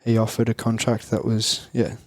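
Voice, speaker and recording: Low flat-voiced Australian man. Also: normal speed, no room sound, clean studio sound. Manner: rambling, frequent fillers and restarts. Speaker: guest. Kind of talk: casual interview chat.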